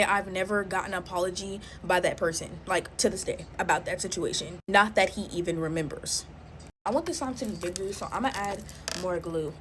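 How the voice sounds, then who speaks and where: A woman's voice: medium pitch, background noise. A woman in her twenties chatting casually while making slime, drawling and filling her talk with "like" and "y'all". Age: 20s.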